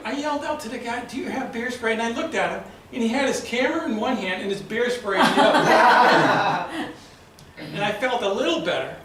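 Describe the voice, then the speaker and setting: A man with a Boston accent tells a story at a club meeting, lively and acting out the lines of people in it. His voice sits high and sounds bright and forceful. He is picked up from across an echoey room. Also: recorded from a distance, slight background noise. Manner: lively storyteller, acts out shouted quotes. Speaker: club speaker. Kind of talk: prepared storytelling speech.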